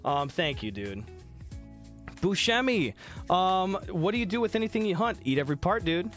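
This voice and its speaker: A man's voice: high voice, sing-song, normal speed, a bit bright, soft background music. A man chatting casually on a live stream while sick, reading chat, thanking viewers by name and swearing freely.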